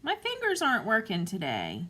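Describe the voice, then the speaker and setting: A woman in her forties talking through a craft tutorial at home in a gentle, calm, chatty way. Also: a little high, normal speed, breathy edge. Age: 40s. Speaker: craft vlogger.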